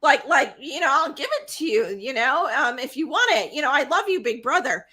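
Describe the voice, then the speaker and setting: Woman doing a mischievous baby trickster god, wheedling, high lively voice. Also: brisk. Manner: wheedling, pleading. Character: mischievous newborn boy god, innocent act.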